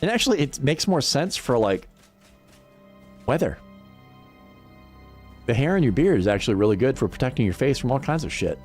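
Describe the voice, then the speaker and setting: Lively, profane male streamer chatting. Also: mid-range voice, soft background music. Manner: profane, rambling, quick to laugh. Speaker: livestream gamer. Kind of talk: casual livestream chat.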